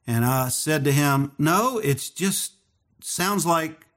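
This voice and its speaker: A man preaching a sermon as pastor, telling stories and acting out the dialogue in a higher voice. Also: slow. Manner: animated storytelling, acts out dialogue in a higher voice.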